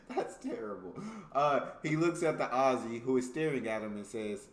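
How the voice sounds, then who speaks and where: A man's voice: medium pitch, animated, normal speed, roomy sound. An American man hosting a reaction video, reading jokes aloud in casual commentary and laughing often between them. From United States.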